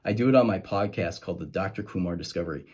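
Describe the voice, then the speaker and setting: A man, a surgeon and podcast host, telling a story to the camera in a lively way and acting out the quoted lines. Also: deep voice, fast, breathy edge.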